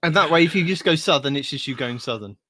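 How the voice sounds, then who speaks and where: A man's voice: fairly high pitch, animated, quick pace, sharp tone, slight background noise. A man co-hosting a casual gaming podcast, playfully needling the host.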